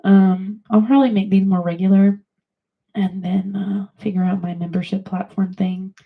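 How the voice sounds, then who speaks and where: A woman in her thirties hosts a casual stream chat, her medium-pitched voice flat, slightly rough and moving at a moderate pace. Allergies leave her morning voice crackly and congested as she rambles and swears freely. The audio is narrow and tinny.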